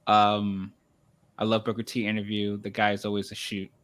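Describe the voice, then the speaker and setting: A man's voice: fairly low pitch, monotone, moderate pace, fairly bright tone. A man appearing as a guest on a podcast, chatting casually and laughing easily. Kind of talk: casual chat.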